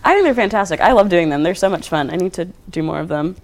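A man's voice: high-pitched, expressive, fast. A young man, a guest artist, chatting casually on a podcast, laid-back and rambling with lots of fillers. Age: young adult. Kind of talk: casual chat.

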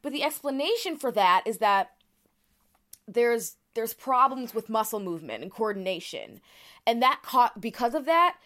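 A woman's voice: fairly high pitch, big pitch swings, normal speed, fairly bright tone. A woman co-hosting a podcast, explaining cases in a casual, chatty way with plenty of fillers and restarts. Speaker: podcast co-host.

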